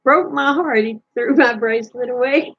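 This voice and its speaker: High-voiced lady vlogger, chatty folksy storytelling, kinda husky. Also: moderate pace, a bit bright, dull audio. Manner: folksy, chatty, laughs at her own stories. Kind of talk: casual storytelling.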